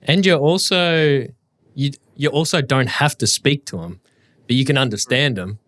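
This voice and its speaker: A man's voice: medium pitch, normal speed, a bit bright. An Australian man co-hosting a casual podcast, joking and acting out silly mock dialogues as he talks. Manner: jokey, acts out mock dialogues. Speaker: podcast co-host. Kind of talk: casual banter.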